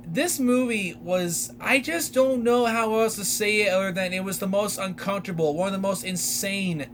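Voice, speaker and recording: Young male podcast host with a high voice, unhurried, rambling and excitable as he recaps a movie. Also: slight background noise. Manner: animated, rambling retelling with many fillers. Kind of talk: casual solo film recap.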